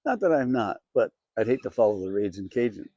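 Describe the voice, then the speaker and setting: Chatty low-voiced man telling a story. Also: lively intonation, brisk, warm tone, no echo, lo-fi sound. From Minnesota. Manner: chatty, self-amused, lots of fillers. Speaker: country singer and show host. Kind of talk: casual storytelling to camera.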